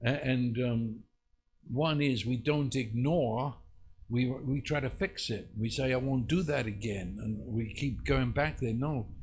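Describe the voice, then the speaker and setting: Man, Bible teacher, slow delivery, earnest, emphatic at times. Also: medium pitch, darkish tone. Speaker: preacher.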